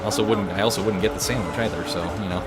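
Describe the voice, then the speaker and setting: A man's voice: fairly low pitch, rapid-fire. A man hosting a game playthrough, telling a rambling, crude, joking story in a casual chat. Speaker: let's play host. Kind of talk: casual storytelling over gameplay. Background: video game music.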